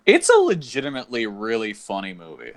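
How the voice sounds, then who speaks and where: Enthusiastic man with animated speech. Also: mid-range voice, a little fast. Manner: enthusiastic, profane. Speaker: podcast co-host. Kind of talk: casual chat.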